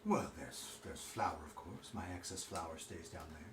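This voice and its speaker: A man voicing a calm, evasive male baker who speaks in a low, hushed way. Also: a little slow, background noise. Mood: smoothly evasive. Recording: echoey room, far from the mic.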